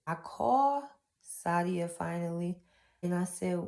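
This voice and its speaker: A woman's voice: lowish voice, unhurried, a little mellow. A young woman, telling her own painful story in a raw, heartfelt testimony. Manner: raw, heartfelt, with Southern-style casual grammar. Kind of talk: emotional personal testimony.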